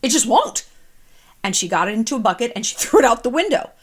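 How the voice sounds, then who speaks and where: A woman's voice: fairly high pitch, big pitch swings, rapid-fire. A woman in her thirties giving casual advice straight to camera, candid and chatty, swearing freely. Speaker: vlogger.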